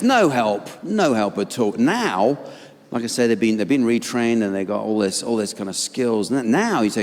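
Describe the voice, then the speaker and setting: A man with an English accent doing a live stand-up routine in a dry, weary, deadpan manner on a theatre stage. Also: medium pitch, normal speed. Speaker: stand-up comedian. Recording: live theatre with long hall reverb. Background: audience laughter and ambience.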